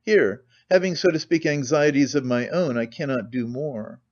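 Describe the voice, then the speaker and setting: A man voicing a calculating, pompous middle-aged suitor who talks in a measured, formal way, full of hedging phrases. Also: mid-range voice, dull audio, natural voice.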